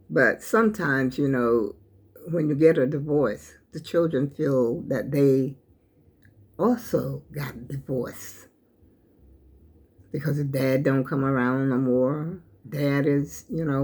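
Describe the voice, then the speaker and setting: A woman's voice: very deep voice, a little mellow. An older woman, hosting her own channel and giving an emotional, preachy talk that speaks straight to her viewers. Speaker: channel host. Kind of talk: heartfelt talk to camera.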